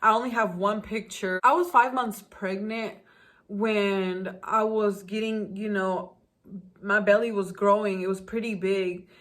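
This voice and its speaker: A young woman from the United States tells her own story straight to her viewers in a casual storytime vlog. Her voice sits at an ordinary pitch for a woman. She speaks openly and emotionally. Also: steady tone, measured pace, fairly bright tone. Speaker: vlogger.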